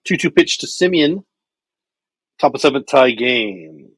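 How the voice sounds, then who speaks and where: A middle-aged man hosting a baseball watch party livestream from home, chatting casually and calling the plays with excitement. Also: medium pitch, a little slow, husky, dry recording. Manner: chatty, thinks out loud, calls plays excitedly. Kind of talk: casual live baseball commentary.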